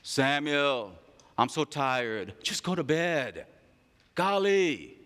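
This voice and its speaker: A man voicing a weary old priest who speaks low and hushed, in a hall with long reverb. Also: big pitch swings, drawn-out words, heavily acted. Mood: sleepy, weary. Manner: tired, grumbling, low and hushed.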